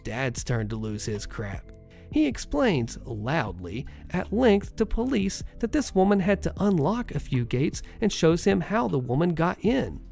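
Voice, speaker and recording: A narrator reading online stories aloud in an expressive, animated way. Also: medium pitch, measured pace, gravelly, faint music behind.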